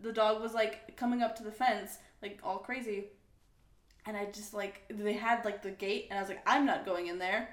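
A woman's voice: medium pitch, little pitch movement, moderate pace, reverberant. A woman in casual chat, giggly and self-deprecating, telling a short delivery story.

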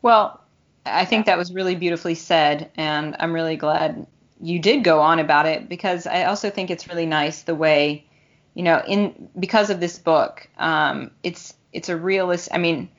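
A woman podcast host chatting casually, warm and rambling, often restarting her sentences. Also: fairly low pitch, moderate pace, dull audio. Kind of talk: casual chat.

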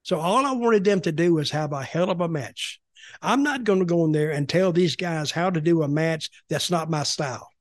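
A man's voice: a little high, moderate pace, no room sound, clean studio sound. An older man telling blunt, rambling stories in casual podcast chat, often repeating himself. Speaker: podcast guest, former wrestling executive.

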